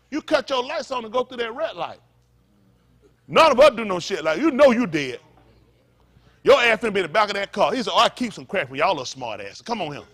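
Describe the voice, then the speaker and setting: A man's voice: extremely high pitch, fairly bright tone. A male pastor preaching a fiery, blunt sermon, full of profanity and call-and-response asides.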